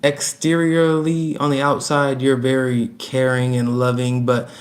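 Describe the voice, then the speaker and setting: A man's voice: medium pitch, flat delivery, unhurried. A man giving a casual, chatty tarot reading to camera, emphatic and prone to repeating himself, with laughs between points. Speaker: tarot reader.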